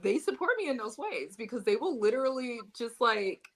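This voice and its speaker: A young adult woman, a podcast guest telling a story in casual chat, animated and laughing, swearing freely and acting out the people she quotes. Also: a little high, normal speed, few pauses, rough recording.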